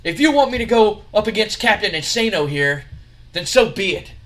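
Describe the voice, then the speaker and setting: Dude doing cocky wrestler guy, bright brash voice, bragging. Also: high-pitched, expressive, moderate pace, voice pushed up. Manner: brash, boastful. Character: cocky loud male wrestler, arrogant boaster.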